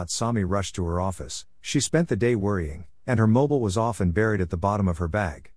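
A man reads a scripted story in a measured, even way. His voice sits low. The recording is dry and close, with no room sound. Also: dry recording.

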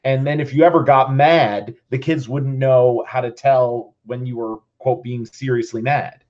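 A man's voice: mid-range voice, steady tone, measured pace, a little mellow. A man who is a teacher, hosting a casual podcast conversation in an easygoing, agreeable way. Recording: slightly dull, lo-fi audio.

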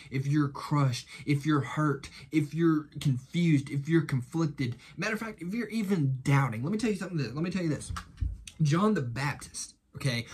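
Husky-voiced man giving an earnest devotional. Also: a little high, darkish tone. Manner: earnest, repetitive preaching cadence. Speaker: preacher. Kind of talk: devotional talk.

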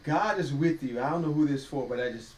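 A male co-host on a casual faith-based podcast speaks quickly in a higher-than-average voice, folksy and preachy and quoting other voices. The recording sounds roomy, with a distant mic and faint ambience.

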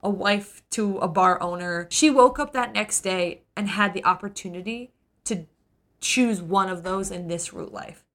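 Bright-voiced woman podcast co-host. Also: medium pitch, measured pace. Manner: animated retelling, acts out characters, gets emotional. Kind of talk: casual book discussion.

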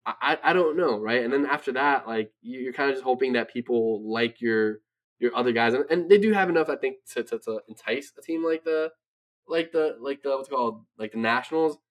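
A sports podcast co-host with a mid-range voice talks fairly quickly in casual chat. He rants brashly, swears a lot, and keeps tossing in "right?" asides.

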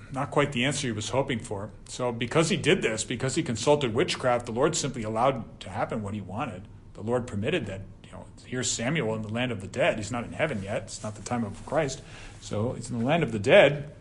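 A man's voice: mid-range voice, breathy edge. A man teaching a Bible class in a conversational, digressive way, reading passages aloud and then explaining them. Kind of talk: scripture class lecture.

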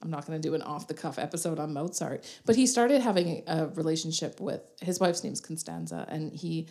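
A woman's voice: low voice, a little fast, warm tone. A young adult woman co-hosting a casual podcast, chatty and giggly with lots of fillers. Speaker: podcast co-host. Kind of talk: casual chat.

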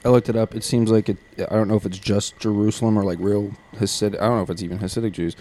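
Podcast host guy, rattles off jokes real fast, cuts himself off and restarts. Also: lowish voice, steady tone, mellow, slight background noise. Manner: rapid, joking, restarts sentences. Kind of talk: casual banter.

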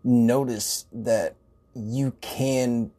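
A man's voice: medium pitch, steady tone, very slow, warm tone. A man who works in a grocery store, telling casual stories in a rambling way, swearing and laughing often. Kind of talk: casual storytelling.

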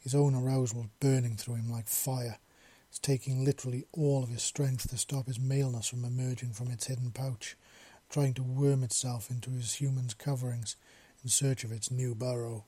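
A man narrating a story in a steady, even reading. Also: mid-range voice, moderate pace, few pauses, slightly rough.

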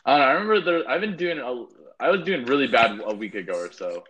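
A man's voice: mid-range voice, animated, quick pace, fairly bright tone, slight background noise, poor audio. Laid-back young man, dude-filled chat. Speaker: gaming friend. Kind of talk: casual chat.

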